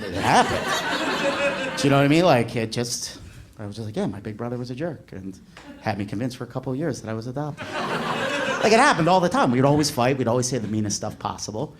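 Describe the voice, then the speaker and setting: Animated male stand-up comic. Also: mid-range voice, heavy background noise. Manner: animated, acts out shouting characters. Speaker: stand-up comedian. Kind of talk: stand-up storytelling.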